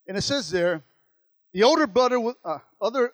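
High-voiced preaching pastor, dry and close. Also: male voice, animated, normal speed, no room sound. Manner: preaching with call-outs and repetition. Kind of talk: sermon.

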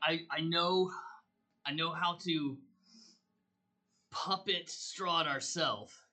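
A man's voice: a little high, takes it slowly, pushed and bright. A man player in a tabletop game who talks eagerly and often stammers. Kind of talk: tabletop role-play.

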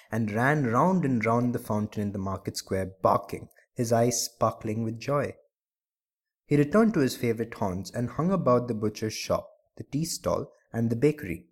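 A man reading a short story aloud as a storyteller, in a measured, expressive way. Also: medium pitch.

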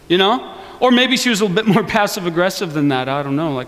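High-voiced joking preacher in a reverberant hall. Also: male voice, quick pace. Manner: conversational and joking, animated. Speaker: pastor. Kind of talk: sermon. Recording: long reverb of a large hall.

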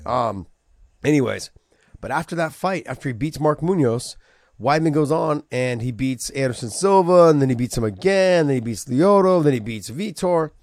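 A man with a rough, gravelly edge to his voice talks loosely and profanely as a podcast co-host. He tells stories with lots of fillers and restarts, recorded up close with no room sound. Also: medium pitch, moderate pace, dry recording. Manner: profane, animated storytelling with many fillers. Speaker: podcast co-host, former fighter. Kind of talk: casual chat.

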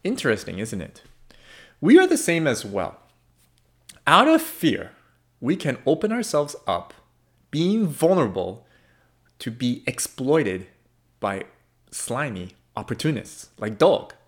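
A man preaching a sermon in an emphatic, expressive way, swinging between loud and soft. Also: a little high, slow pace, long pauses. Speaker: pastor.

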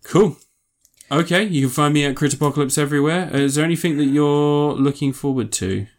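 A man's voice: fairly high pitch, a little fast. Jokey, sweary male podcast host. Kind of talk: casual chat.

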